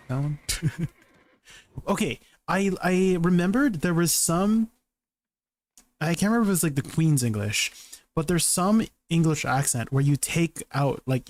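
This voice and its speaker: A man's voice: fairly high pitch, expressive, a little slow, pauses often, darkish tone. A man streaming a game, chatting casually, reading chat aloud and laughing often.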